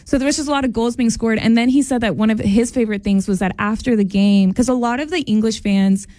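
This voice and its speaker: Mellow-voiced woman telling a story. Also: on the high side, fast, no room sound. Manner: chatty storyteller, warm enthusiasm. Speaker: co-host. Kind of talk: casual chat.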